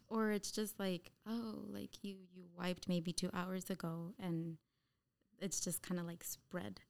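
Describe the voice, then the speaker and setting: A woman's voice: on the low side, little pitch movement, slow, gravelly. A woman telling candid stories from her waxing work in a casual chat, laughing often. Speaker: waxing specialist.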